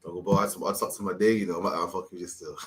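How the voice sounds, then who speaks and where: A man's voice: sits low, noisy background. A man co-hosting a live stream, ranting emphatically and swearing in casual commentary. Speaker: stream show co-host.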